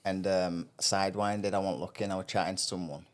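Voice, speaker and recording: A man's voice: low-pitched, steady tone, a little fast. A man, co-hosting a podcast and telling a laid-back, rambling story in casual chat. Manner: rambling, laid-back storytelling, frequent 'you know what I mean'. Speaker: podcast co-host.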